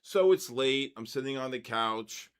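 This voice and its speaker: Animated older man hosting a live stream. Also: medium pitch, measured pace, clear, resonant tone. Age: 60s. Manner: animated, keeps tagging 'right?' and 'okay?'. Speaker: trading session host. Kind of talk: casual livestream storytelling.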